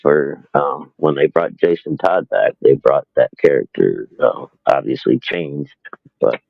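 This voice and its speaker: Man, very deep voice, gravelly, dull lo-fi call audio, laid-back co-host, hesitant chat. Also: lively intonation, unhurried, no echo. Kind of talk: casual livestream chat about comics. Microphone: remote call audio.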